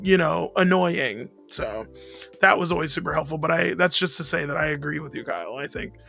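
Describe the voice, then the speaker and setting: A man's voice: on the high side, fairly quick, vocal fry, bright, forceful tone, faint music behind. A man co-hosting a casual chat, agreeable and self-deprecating, laughing easily as he shares game-running tips. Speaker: podcast co-host and game master.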